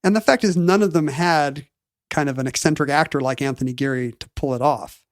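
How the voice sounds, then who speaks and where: A man with a slightly high voice lays out a story for his co-host, stopping often to restart his sentences. The sound is dry, with no room behind him. He talks in a casual, chatty way. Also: brisk, dry recording. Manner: explanatory, with frequent "uh" and restarts. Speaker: podcast co-host. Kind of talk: casual chat, recapping a topic.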